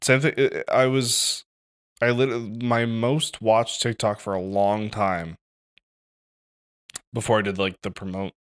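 A man's voice: on the low side, flat delivery, slow pace, long pauses. A man co-hosting a podcast in casual chat, joking loosely and swearing often. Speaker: podcast co-host.

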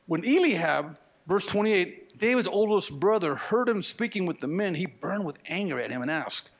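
A man preaching a sermon, animated, with slangy asides and acted-out quotes. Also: high voice, moderate pace. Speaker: pastor.

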